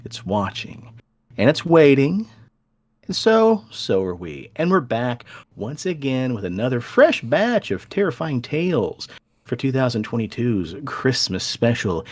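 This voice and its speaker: A man's voice: medium pitch, very animated, unhurried, no room sound. Joking podcast guy chatting w his buddy, bouncy voice, dry close mic. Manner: joking, teasing, calls his co-host buddy. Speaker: podcast co-host. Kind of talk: casual podcast banter.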